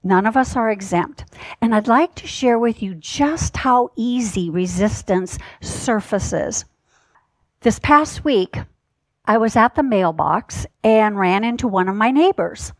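A woman giving a spiritual sermon in a gentle, measured way, stressing words in lists. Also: medium pitch, lively intonation, no echo. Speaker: minister.

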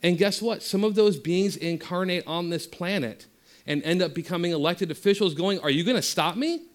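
Man, spiritual teacher; passionate talk with soft, slow guided-meditation passages. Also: high voice.

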